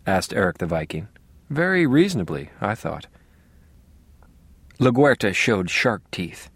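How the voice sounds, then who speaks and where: A man's voice: fairly low pitch, expressive, unhurried, a bit bright, no echo. A man narrating a crime novel in first person with a dry, wry manner. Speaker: audiobook narrator.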